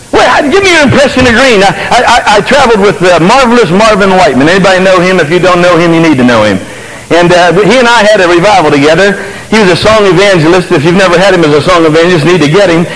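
A man preaching a folksy, emphatic sermon that swings between loud and quiet. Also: sits high, fast, in a large hall, slight background noise, rough recording.

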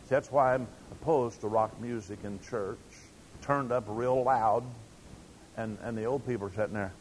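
A man's voice: medium pitch, moderate pace, slight background noise, low-quality recording. An older man preaching a sermon, telling stories in a folksy way and acting out quotes. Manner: folksy storytelling with acted quotes.

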